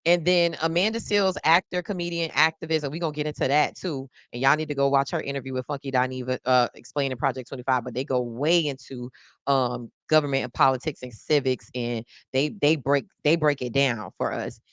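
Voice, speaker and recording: With a very deep voice and a brisk pace, a woman runs a relaxed live news-reaction stream, addressing her audience directly. Lively and talkative, she exclaims frequently and repeats lines for emphasis; there's no echo.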